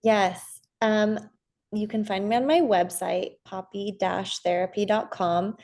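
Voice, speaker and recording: Brief: woman therapist, podcast guest, calm and measured, gentle delivery. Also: mid-range voice. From United States. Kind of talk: casual interview chat.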